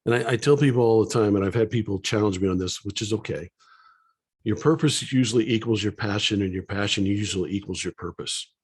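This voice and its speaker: A man's voice: fairly low pitch, brisk, husky. A man hosting a podcast, asking questions and responding with encouragement. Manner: encouraging, affirming. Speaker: podcast host and author. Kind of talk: podcast interview.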